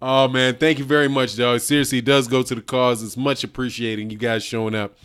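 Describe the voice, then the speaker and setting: A man hosts a boxing livestream, casually chatting with viewers in slang as he reads super chats, laughing often and calling people "dog" and "man." His medium-pitched voice is a bit bright, clear and resonant, with little pitch movement and a slightly fast pace.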